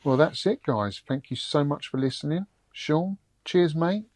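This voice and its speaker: A man's voice: a little high, unhurried, a little mellow, no room sound. A man co-hosting a casual podcast, friendly and upbeat as he talks to listeners. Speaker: podcast co-host.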